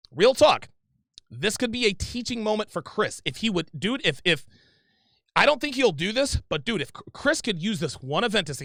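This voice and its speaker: A man's voice: high-pitched, very animated, normal speed, bright, forceful tone, dry recording, studio quality. A man hosting a livestream, reading viewer super chats and answering them in a heated, profane, confrontational rant, repeating himself often.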